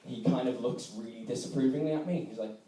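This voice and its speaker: A young man giving a comic storytelling speech to a debate society, animated and often laughing as he talks. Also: mid-range voice, quick pace, a crowd in the background. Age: young adult. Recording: echoey room, from far off.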